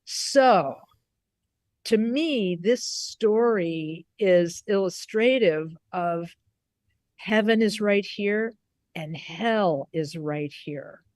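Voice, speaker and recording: Slow-speaking woman Buddhist teacher. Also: medium pitch, a little mellow, no echo, clean studio sound. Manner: unhurried, with many restarts and repeated words. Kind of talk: storytelling in a recorded conversation.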